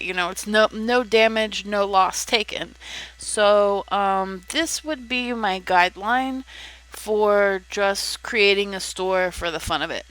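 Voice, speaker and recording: A young woman talks through her advice in a relaxed vlog style, pausing often with ums and restarting sentences. Her voice is bright and clear at a middle pitch. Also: low-quality recording. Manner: chatty, with frequent ums and restarts. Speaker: content creator giving advice. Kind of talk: casual tutorial vlog.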